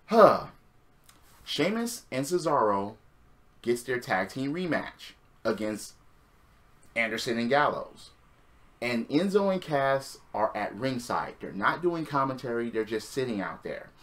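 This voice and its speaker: Male wrestling reviewer, casual, sarcastic, very animated pitch. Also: unhurried. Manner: sighing, sarcastic, swears freely. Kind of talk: casual recap monologue.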